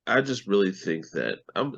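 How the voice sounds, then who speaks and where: Man podcast co-host, expressive swoopy delivery, jokey asides. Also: sits low, normal speed, gravelly, lo-fi sound. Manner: lively, jokey, slips into mock quotes. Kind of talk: casual TV recap chat.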